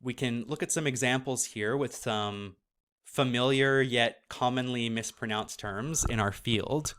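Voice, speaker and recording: A man teaching a course, explaining pronunciation casually and sounding each syllable out slowly. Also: mid-range voice, fairly even intonation, fairly bright tone, clean tone. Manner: casual, with fillers and self-corrections. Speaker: course instructor. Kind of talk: slow explanatory lesson.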